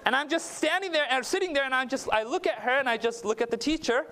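A man's voice: very high voice, quick pace, pushed and bright, some chatter behind. A male preacher telling a personal story in a sermon, chatty and anecdotal, often checking in with "okay?". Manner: anecdotal, conversational, with frequent "okay?" asides.

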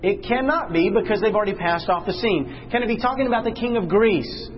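A man leading a Bible study class, questioning his listeners and slowing down and dropping low to stress a point. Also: lo-fi sound. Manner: questions the class, slows and drops low for emphasis.

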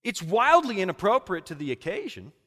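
Middle-aged male preacher, high animated delivery, reverberant hall sound. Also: a little fast. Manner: dramatic, impassioned storytelling. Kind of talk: sermon.

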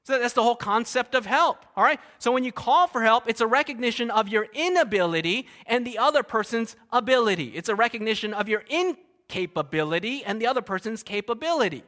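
A man's voice: extremely high pitch, expressive, a little fast, pushed and bright. A man preaching a sermon, teaching emphatically with repeated phrases and rhetorical questions. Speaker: pastor.

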